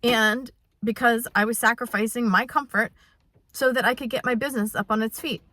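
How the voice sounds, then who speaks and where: Bright-voiced woman in her fifties rambling. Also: fairly high pitch, fairly even intonation, fairly quick. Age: 50s. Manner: rambling and heartfelt, many restarts. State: close to tears. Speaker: vlogger. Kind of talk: unscripted personal vlog. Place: in her truck on a rainy day.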